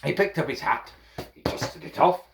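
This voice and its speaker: A man tells a children's folk tale in a playful manner, calling his listeners his friends. His voice swoops up and down in lively, animated bursts. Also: on the high side, moderate pace, creaky, noisy background. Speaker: storyteller.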